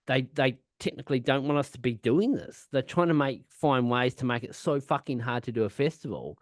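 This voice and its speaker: Male podcast co-host, casual rambling storyteller, heavy swearing, mid-pitched, dry close sound. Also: brisk, no room sound. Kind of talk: casual chat.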